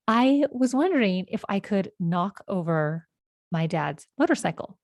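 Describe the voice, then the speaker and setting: A woman in her forties from California, the host of a podcast, telling childhood stories in a meandering, reflective way with gentle self-corrections. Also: medium pitch, animated, normal speed, no echo, clean studio sound. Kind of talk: reflective personal storytelling.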